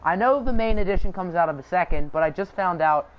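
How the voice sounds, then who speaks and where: A man's voice: high voice, animated, fast, lo-fi sound, a little hiss or hum. A young man hosting a live stream, calling a simulated football game and chatting with viewers in a joking, casual way. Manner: chatty, answers live chat, jokes. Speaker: channel host. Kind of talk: live sim-game commentary.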